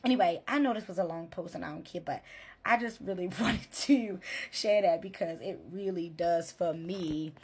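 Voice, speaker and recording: A woman's voice: lowish voice, normal speed, a little mellow, breathy edge. A woman therapist chatting in a casual vlog, retelling a story and often checking in with "right?".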